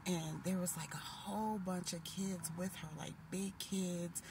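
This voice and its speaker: Woman, late thirties, casual storytelling, animated and emotional, lowish pitch, noisy recording. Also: measured pace. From Minnesota. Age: 30s. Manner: animated, emotional retelling with restarts. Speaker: vlogger. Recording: noisy background hiss.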